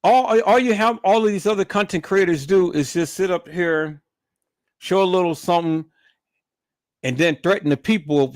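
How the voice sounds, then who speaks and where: A man's voice: high-pitched, moderate pace, no room sound, clean studio sound. A man ranting on a live stream, swearing heavily and stumbling over repeated words as he gets heated. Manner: profane, repeats words and restarts when worked up. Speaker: livestreamer.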